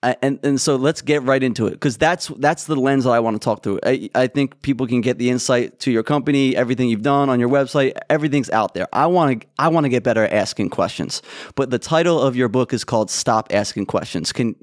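A man's voice: medium pitch, fast, dry recording, studio quality. A man hosting a podcast interview, talking in a hesitant, casual way with frequent restarts. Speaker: podcast host.

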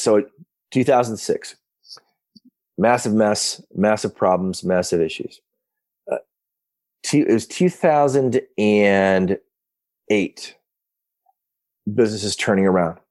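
A man in his fifties telling stories as a podcast guest, casual and animated, often restarting his sentences from his home office. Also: on the low side. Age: 50s. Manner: excited, animated retelling with many restarts. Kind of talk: casual storytelling.

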